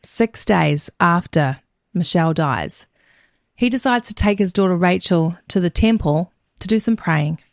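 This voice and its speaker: A woman's voice: lowish voice, expressive, a little slow, no echo, clean studio sound. A woman co-hosting a podcast, telling a story in a gossipy, casual way and swearing freely. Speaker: podcast co-host.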